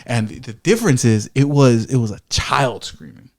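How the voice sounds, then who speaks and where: A man's voice: medium pitch, lively intonation, moderate pace. Podcast guy rambling through a story, keeps restarting, swears a lot, plays out his own reactions. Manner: rambling, self-correcting, swears freely; acts out his own reactions in quoted asides. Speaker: podcast co-host. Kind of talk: casual storytelling chat.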